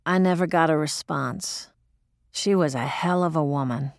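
A woman's voice: deep voice, moderate pace, vocal fry, no room sound, clean studio sound. A woman narrating in the first person as an audiobook reader, gritty, profane and emotional.

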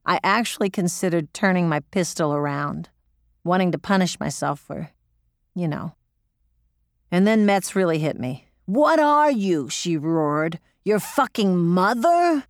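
A woman's voice: lowish voice, no room sound, clean studio sound. A woman narrating in the first person as an audiobook reader, gritty, profane and emotional.

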